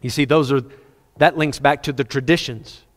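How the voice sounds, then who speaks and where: A man preaching a sermon with passion, rising to loud appeals and dropping to hushed, low passages. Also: steady tone, moderate pace. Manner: impassioned, swinging between loud high-pitched appeals and hushed low passages. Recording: long reverb of a large hall.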